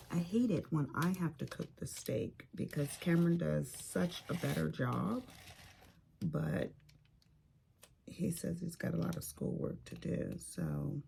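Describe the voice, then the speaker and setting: A woman's voice: low-pitched, creaky, warm tone, a little hiss or hum. A woman chatting casually while she crafts, telling stories about her family and neighbors with sassy asides. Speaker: craft vlogger.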